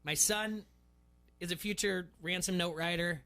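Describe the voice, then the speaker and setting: A middle-aged man hosting a casual sports radio talk show, telling a story and getting animated when he quotes people. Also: sits high, unhurried. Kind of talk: casual chat.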